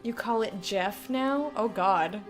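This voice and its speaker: A young woman streaming a game and chatting casually with her viewers, blunt and quick to swear, laughing often and reading their messages aloud. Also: mid-range voice, faint music behind. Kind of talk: casual live-stream chat while gaming.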